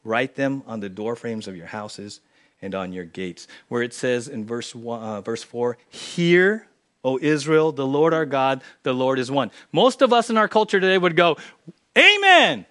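A man preaching a sermon in church, swinging from loud emphatic lines to quiet, low asides. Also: lively intonation, measured pace. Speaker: pastor. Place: church sanctuary.

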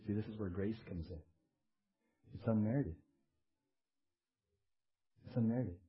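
A male pastor delivering an animated, emphatic sermon, calling out to the congregation. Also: fairly low pitch, a little slow, long pauses, slightly rough, muffled recording.

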